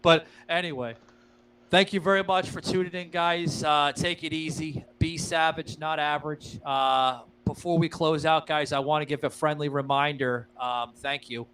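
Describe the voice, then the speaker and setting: A man's voice: a little high, fairly even intonation, normal speed, hardly any pauses, fairly bright tone, clean tone, poor audio. A man hosting a casual podcast, talking loosely with lots of uh fillers, swearing freely and addressing his listeners as guys. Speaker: podcast host.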